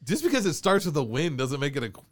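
A man co-hosting an improvised comedy segment, playful and quick to argue and laugh. His pitch swings freely, and the recording is close and dry. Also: big pitch swings, no echo. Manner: playful, argumentative, laughing often. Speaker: comedy co-host.

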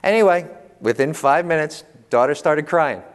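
A man telling humorous, animated parenting stories to an audience as a panel speaker. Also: a little high, normal speed. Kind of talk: storytelling talk to an audience. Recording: long hall reverb.

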